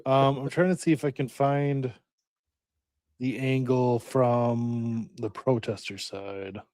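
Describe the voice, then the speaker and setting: A man's voice: medium pitch, fairly even intonation, slow, a little mellow, dry recording. Podcast guy, dry close mic, lots of ums, kinda hesitant while he searches stuff. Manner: hesitant, many ums, looking things up while talking. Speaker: podcast co-host. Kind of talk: casual podcast chat.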